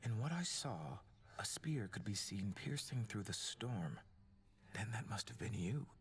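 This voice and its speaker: An actor voicing a solemn male seer of prophecies in a video game, speaking gravely. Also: lowish voice, sing-song, a little slow, a little hiss or hum.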